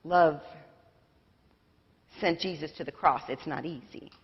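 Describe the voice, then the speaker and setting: A woman's voice: low-pitched, unhurried. Woman pastor preaching in an echoing church. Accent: American. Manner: conversational, self-deprecating, sings snatches of lyrics. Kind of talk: sermon. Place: church sanctuary. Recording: dull livestream sound with long church reverb.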